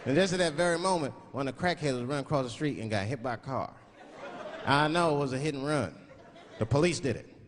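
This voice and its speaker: A male stand-up comedian tells a profane story live on stage, rambling loosely and acting out quotes. He speaks fast in a mid-range voice, with loud crowd noise from the audience throughout.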